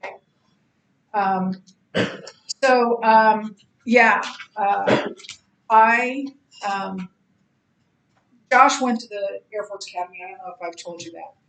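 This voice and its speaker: Slow-talking woman teaching a bible class, lots of ums, kinda high voice, roomy echo. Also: gravelly, a bit bright. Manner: halting, many ums and restarts. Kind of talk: Bible study lecture. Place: church classroom.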